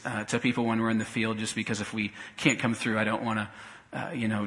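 A medium-pitched male pastor shares a personal story during a sermon, speaking conversationally with many restarts and dropping quiet at the emotional moments. The recording quality is low.

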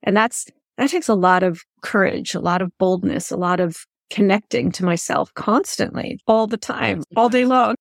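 A woman's voice: mid-range voice, moderate pace, creaky, no room sound, clean studio sound. A woman hosting an interview podcast, chatting in an earnest, effusive way and thinking aloud as she goes. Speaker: podcast host. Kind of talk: reflective interview chat.

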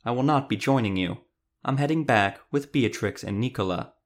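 An earnest male troubadour with a gentle sense of principle, as a storyteller puts him on. He speaks in a heartfelt, declaiming way. It suits a fantasy audiobook. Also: mid-range voice, normal speed, natural voice.

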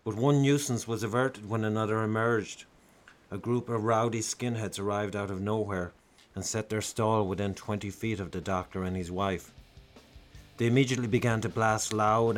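A man's voice: on the low side, steady tone, normal speed, soft background music. A man narrating a comic story in a wry, theatrical way.

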